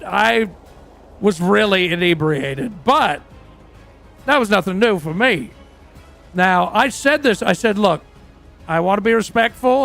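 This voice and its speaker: A man's voice: high voice, vocal fry, a bit bright, exaggerated voice. A man playing a crude, boastful aging rock singer who tells rambling, profane stories in a role-play livestream.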